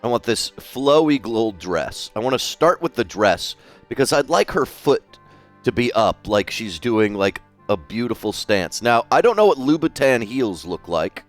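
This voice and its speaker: A man's voice: mid-range voice, sing-song, measured pace, soft background music. A man live-streaming while he draws, chatting casually, swearing freely and reading out viewers' messages. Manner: chatty, swears freely, reads chat aloud.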